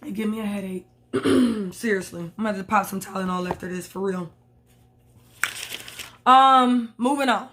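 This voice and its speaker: A woman's voice: mid-range voice, moderate pace, pauses often, fairly bright tone, slight background noise. A woman recapping reality TV in a blunt, sassy, profane commentary. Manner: sassy, blunt, swears a lot. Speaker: reality TV reviewer.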